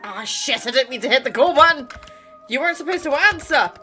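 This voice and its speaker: A woman's voice: high-pitched, expressive, a little fast, sharp tone, faint music behind. A woman hosting a romance game playthrough, gushing and giggling in casual commentary. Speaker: gaming channel host. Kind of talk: casual let's-play commentary.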